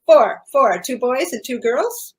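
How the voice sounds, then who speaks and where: A woman's voice: high voice, expressive. Earnest older woman telling her story. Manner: earnest, matter-of-fact, many "uh" pauses. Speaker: guest. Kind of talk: personal storytelling in an interview.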